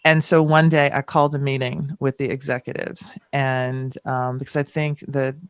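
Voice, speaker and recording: A woman's voice: rumbling low, moderate pace, smooth, dry recording, studio quality. A middle-aged woman from the American South, telling candid stories as a podcast guest and acting out past exchanges. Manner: animated, acts out past exchanges with rising exclamations. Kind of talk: candid storytelling in a podcast interview.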